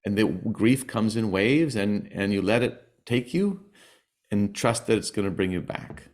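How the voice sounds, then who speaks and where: A middle-aged man talking as a podcast guest, in a halting way with many restarts and small laughs between words. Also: lowish voice, lively intonation, darkish tone. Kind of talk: conversational interview.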